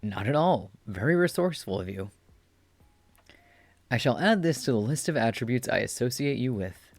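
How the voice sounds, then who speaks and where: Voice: mid-range voice, expressive, moderate pace, dry recording. A streamer reading the lines of a dry, teasing player character in their own voice. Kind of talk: reading game dialogue aloud on stream.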